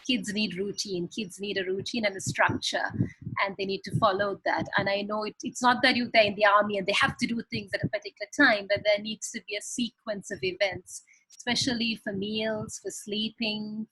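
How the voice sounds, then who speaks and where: A woman's voice: mid-range voice, normal speed, fairly bright tone, husky, dry recording, low-quality recording. A woman giving earnest parenting advice on a video call, explaining with examples. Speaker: parenting guest expert.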